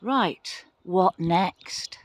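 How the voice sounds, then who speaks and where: A woman giving a casual tour of her garden plot outdoors in the wind, talking excitedly and apologetically into a handheld phone camera. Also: lowish voice, extremely slow, no echo. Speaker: gardening vlogger.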